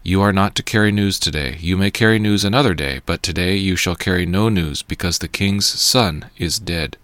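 A man reading the lines of a stern male army commander in a firm, measured way. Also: low voice, fairly bright tone, no room sound.

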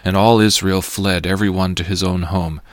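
Male scripture reader, low voice, dry, measured delivery. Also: no echo. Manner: steady, measured, solemn. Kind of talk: scripted Bible reading.

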